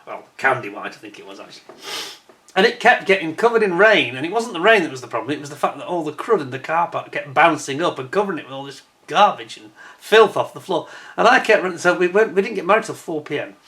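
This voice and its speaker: Man, vlog storytelling, bright forward tone, fairly high voice, chatty and animated. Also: quick pace. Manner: animated, chatty, frequent restarts and laughs. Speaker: vlogger. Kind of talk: casual anecdotal storytelling.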